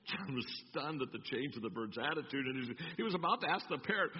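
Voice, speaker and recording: A pastor preaching a sermon, telling stories and acting them out. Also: male voice, mid-range voice, a little fast, slight background noise. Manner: animated storytelling, acting out voices. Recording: echoey church hall, dull sound.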